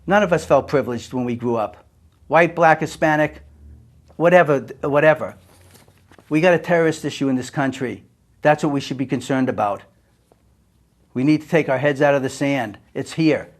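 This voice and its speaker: An older man from the United States giving an earnest personal monologue. He speaks emphatically, swinging between forceful and hushed. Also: a little high, normal speed, pauses often.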